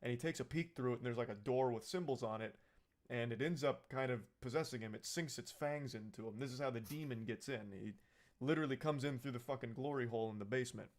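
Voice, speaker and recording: A man's voice: mid-range voice, fast talker. A man giving a casual, comedic movie recap, rambling and sarcastic, with plenty of swearing.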